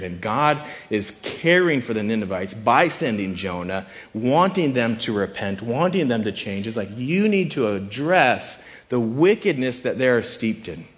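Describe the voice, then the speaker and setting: A man's voice: mid-range voice, sing-song, normal speed, hardly any pauses. Man preaching a casual sermon. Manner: conversational preaching, acts out quoted voices. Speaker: pastor.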